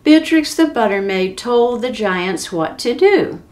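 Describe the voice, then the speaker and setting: A woman reading a children's story aloud as a library storyteller. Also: a little high. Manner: slow, expressive read-aloud.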